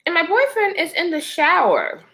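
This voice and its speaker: A woman's voice: very high voice, moderate pace. A woman livestreaming, chatting casually to her viewers as girl and y'all and reacting to their comments as she tells a personal story. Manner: animated, with frequent laughter. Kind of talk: casual storytelling to a live chat.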